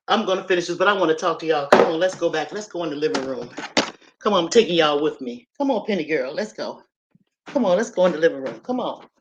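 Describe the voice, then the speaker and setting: A woman's voice: sits low, lo-fi sound, noisy background. Woman, casual live stream storytelling, chatty, profane, speaks right to viewers, at home on a laptop mic. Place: at home, moving from kitchen to living room.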